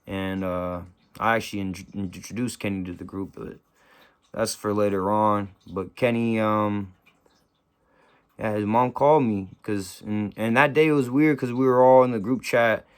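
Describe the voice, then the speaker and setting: A young man from the Bay Area, telling a personal story to camera in a slangy, subdued, halting way. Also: lowish voice, fairly even intonation, smooth. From San Francisco Bay Area.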